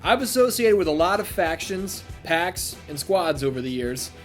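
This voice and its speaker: A man reading a veteran male wrestler's lines in a low, measured voice, with game music behind. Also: sing-song. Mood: warning.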